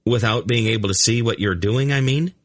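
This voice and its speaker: A man's voice: mid-range voice, a little fast, no echo, studio quality, pitched above the performer's own voice, natural voice. A man voicing an urgent young king who presses with questions, in an audiobook. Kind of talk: audiobook character voice.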